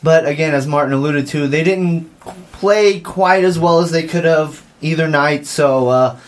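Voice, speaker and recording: High-voiced, energetic young sports radio host. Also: male voice, measured pace. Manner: energetic, laughs often. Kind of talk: college sports radio talk. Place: small campus radio office.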